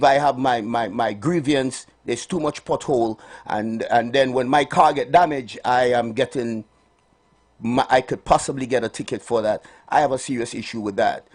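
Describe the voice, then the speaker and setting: A man hosting a live morning radio health show, calling out cheerful greetings and giving preachy asides. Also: medium pitch. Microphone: studio microphone.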